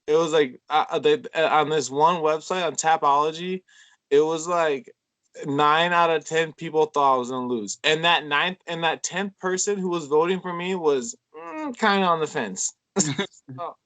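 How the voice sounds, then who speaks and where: A man's voice: on the high side, normal speed, fairly bright tone. A young man, a podcast guest, telling a long story in casual chat, rambling and swearing with lots of fillers and restarts. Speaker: podcast guest, MMA fighter.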